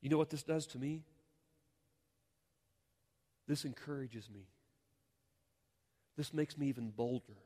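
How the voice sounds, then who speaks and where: A man's voice: mid-range voice, takes it slowly, pauses often, mellow. A man preaching a sermon as a pastor, earnest and rising to fervent appeals to the congregation. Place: church sanctuary.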